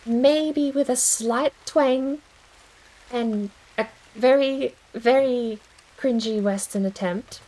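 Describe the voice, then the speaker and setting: Woman game streamer, casual rambling chat, self-deprecating, a bit high-pitched. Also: slow, dark tone, low-quality recording.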